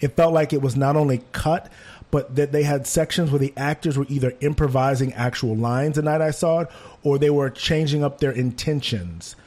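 A man's voice: mid-range voice, normal speed. Male reviewer, mid-range voice, conversational and opinionated. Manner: animated, mimics voices when quoting. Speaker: theater reviewer.

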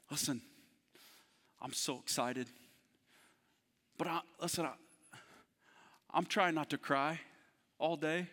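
Emotional pastor preaching in a reverberant hall. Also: male voice, fairly high pitch. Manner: emotional, fervent preaching with swings from hushed to loud. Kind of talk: sermon. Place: church service in a theater.

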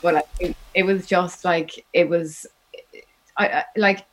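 Low-voiced Irish woman telling a story. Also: fairly even intonation, a little slow, a little hiss or hum. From Ireland. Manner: rambling, chatty storytelling. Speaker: guest musician. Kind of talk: casual interview chat.

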